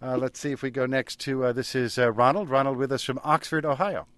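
A man's voice: mid-range voice, fairly quick, dry recording. A man hosting a radio call-in show, introducing callers in an easygoing way with some stumbling restarts. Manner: relaxed, hesitant with restarts. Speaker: radio talk show host.

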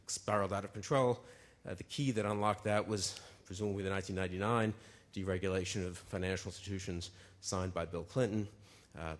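A man making a formal debate argument in a measured way, with uhs and restarts. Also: on the low side.

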